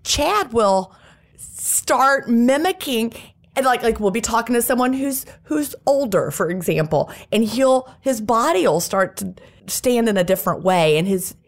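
A woman hosting a casual podcast, emphatic and animated, laughing often as she shares stories about home life. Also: on the high side, unhurried.

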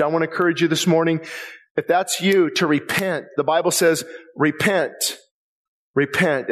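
A man preaching a sermon as a pastor, impassioned and conversational, often repeating himself as he presses a point. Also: on the high side. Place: church sanctuary. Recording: long reverb of a church hall.

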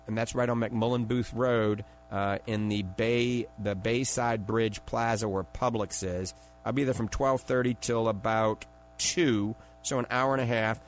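A middle-aged man with a New Orleans accent hosting a radio call-in health show, plugging products in a chatty salesman's patter and repeating phone numbers. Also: medium pitch. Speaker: radio show host and eye doctor.

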